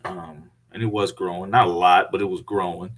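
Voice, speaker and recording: A man telling his story casually, halting often with fillers and restarts. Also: deep voice, fairly even intonation, a bit bright.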